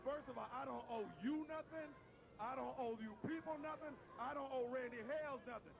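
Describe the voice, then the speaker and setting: A man's voice: very high voice, a little fast, gravelly, background noise. A man cutting a brash wrestling promo in a TV studio, repeating himself and taunting the crowd. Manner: brash, repetitive trash talk.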